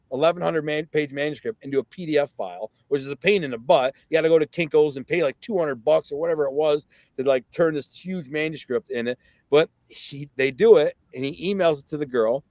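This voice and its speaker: A man's voice: on the high side, no echo. A man telling his life story as a podcast guest, casually and animatedly, with lots of fillers and restarted sentences. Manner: animated, reenacts others' words.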